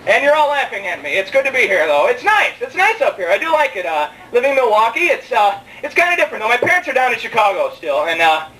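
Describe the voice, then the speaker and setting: A man's voice: very high voice, very animated, quick pace, few pauses, pushed and bright. A young man performing a rambling, self-mocking stand-up comedy set, joking with the crowd in a club. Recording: distant mic in a live club, faint room ambience.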